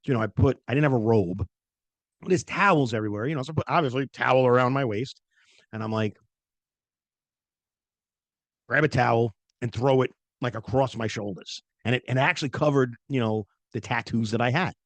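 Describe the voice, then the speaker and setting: A man's voice: medium pitch, quick pace, no room sound. A middle-aged man hosting a podcast, telling a personal story in a chatty, casual way with lots of fillers. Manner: animated, chatty, many fillers, acts out quoted voices. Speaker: podcast host.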